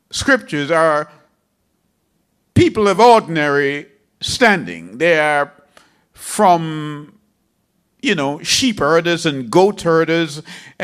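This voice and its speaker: A man's voice: on the high side, fairly bright tone, clean tone. A man preaching a sermon, reading scripture in a dramatic, emphatic way.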